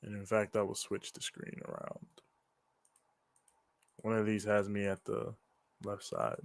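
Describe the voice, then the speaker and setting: A man's voice: on the low side, sing-song, measured pace, gravelly, no echo. A man co-hosting a live wrestling reaction stream in casual chat, rambling, swearing freely and laughing often at home. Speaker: co-host of a wrestling reaction show.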